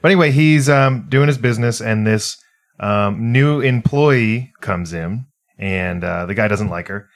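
A man chatting on a casual podcast panel and retelling a story. He speaks in a lowish voice with a wry, dry edge. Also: a little slow.

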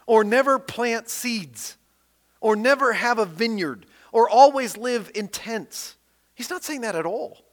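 High-voiced preacher in an echoing hall. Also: male voice. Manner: animated, emphatic reading of scripture with rising and falling emphasis. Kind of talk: sermon. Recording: long hall reverb.

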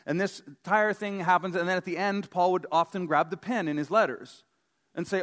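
A man's voice: high voice, fairly even intonation, a little fast, a bit bright. A man preaching a sermon as pastor, in a conversational, joking way with emphatic stresses.

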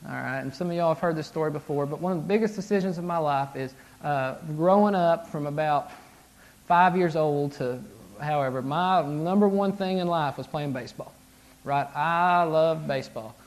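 Conversational man preaching, fairly high voice. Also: normal speed. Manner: conversational, frequent "right?" and "like", restarts, acted-out inner voices. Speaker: pastor. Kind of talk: casual sermon.

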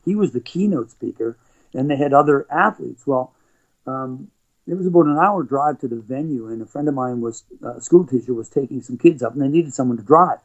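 A man's voice: medium pitch, fairly quick. Storytelling Canadian man, lo-fi sound. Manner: rambling, animated anecdotes with frequent restarts and laughs. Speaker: guest, motivational speaker and former athlete. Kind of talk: conversational storytelling. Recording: dull lo-fi recording.

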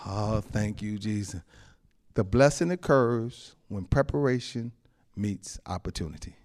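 Pastor guy preaching, lots of amens and little laughs, goes quiet then loud. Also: lowish voice, animated, measured pace. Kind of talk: sermon.

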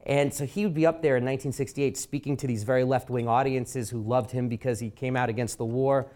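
A man giving a talk at a library as an author, telling stories and acting out quotes with lively energy. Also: medium pitch, brisk. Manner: animated storyteller acting out quotes. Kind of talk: public lecture with anecdotes. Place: library event room.

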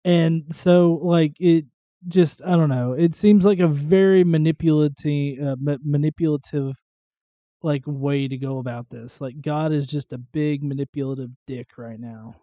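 Male podcast co-host, irreverent and questioning, warm-toned and a bit high, recorded dry. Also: a little slow, no room sound. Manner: jokey, crude, questioning, gets loud and animated. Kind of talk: casual irreverent chat.

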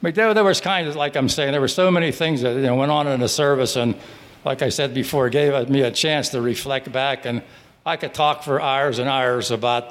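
An older veteran from Pittsburgh, speaking at a mid pitch, tells his service memories to a room of listeners at a restaurant. His talk wanders and stalls, full of fillers, restarts and loose asides. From Pittsburgh, Pennsylvania. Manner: rambling, halting, with many restarts and fillers. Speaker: veteran telling stories. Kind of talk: live storytelling at a breakfast gathering.

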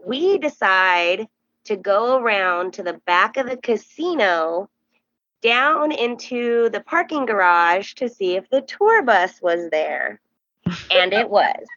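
A young woman hosting a podcast, telling a story in casual chat and acting out the quoted voices with high, animated bursts. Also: slow, dry recording, highs cut off. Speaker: podcast host.

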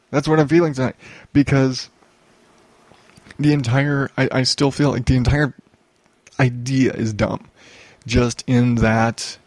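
A man's voice: medium pitch, vocal fry, a little mellow, no echo. A young man hosting a solo podcast, ranting and rambling with lots of swearing and restarts. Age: young adult. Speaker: podcast host.

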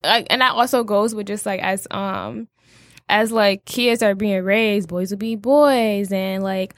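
A woman's voice: medium pitch, fairly even intonation, measured pace, no echo, studio quality. Chatty young woman co-hosting a podcast. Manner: chatty, laughs often, many fillers. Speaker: podcast co-host. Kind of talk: casual chat.

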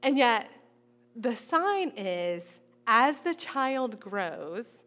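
A woman's voice: fairly high pitch, big pitch swings, very slow, a bit bright. A woman preaching a conversational sermon, retelling a Bible story casually and playing out its figures in everyday speech.

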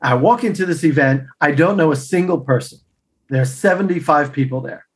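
Animated middle-aged male storyteller. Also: on the high side, a little fast. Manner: animated anecdotal storyteller acting out dialogue. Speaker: podcast guest. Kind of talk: storytelling interview answers.

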